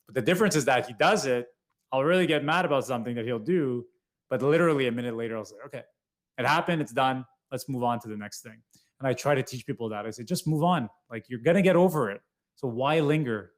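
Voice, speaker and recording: A man in his forties, a podcast guest talking in an earnest, emphatic, reflective way. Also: mid-range voice. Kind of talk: podcast conversation.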